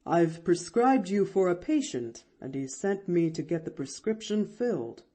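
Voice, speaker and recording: A woman voicing a grave, kindly male country doctor who speaks gently in a storybook reading. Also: lowish voice, expressive, unhurried. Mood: gentle.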